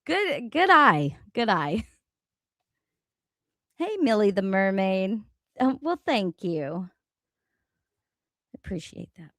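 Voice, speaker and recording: A woman's voice: mid-range voice, sing-song, slow, long pauses, a bit bright, dry recording. A woman hosting a casual livestream, ranting bluntly with lots of swearing and laughter, reading out chat comments. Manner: profane, blunt, laughing often. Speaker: livestream host. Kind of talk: casual live-stream rant.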